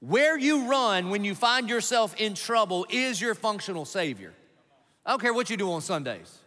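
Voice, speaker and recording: A man's voice: sits high, animated, normal speed, sharp tone. A male pastor preaching an emphatic sermon, driving his points home with punchy rhetorical questions to the congregation. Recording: long reverb of a large hall.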